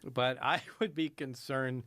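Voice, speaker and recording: A man's voice: medium pitch, fairly even intonation, slow, a bit bright, no echo. A man in a podcast conversation, musing in an emphatic, conversational way.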